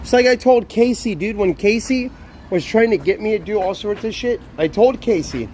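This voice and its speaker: A man's voice: high-pitched, normal speed, darkish tone, a little hiss or hum. A young man live streaming outdoors, ranting in a profane, exasperated, repetitive way. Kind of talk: casual live stream talk.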